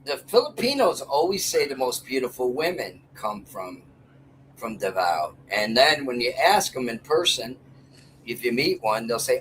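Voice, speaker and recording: A man's voice: mid-range voice, sing-song, normal speed, a bit bright, slight background noise, poor audio. Rambling, jokey older man guest. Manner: rambling, jokey storyteller who laughs often. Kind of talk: casual livestream chat.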